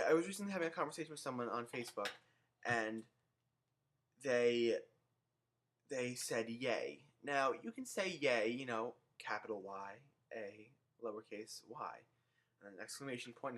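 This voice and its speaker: A young man ranting sarcastically into his own camera in a comedic vlog, animated and given to swearing. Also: mid-range voice, normal speed. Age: young adult. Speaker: vlogger.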